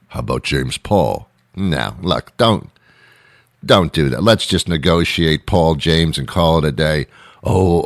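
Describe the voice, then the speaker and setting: A man's voice: extremely low pitch, dry recording, clean studio sound. A male show host giving a rambling, sarcastic comedic monologue with mock outrage. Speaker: radio host.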